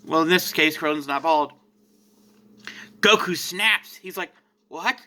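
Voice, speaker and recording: A man's voice: a little high, a little slow, pushed and bright. A man casually narrating a fan-made anime story in an emphatic, slangy way.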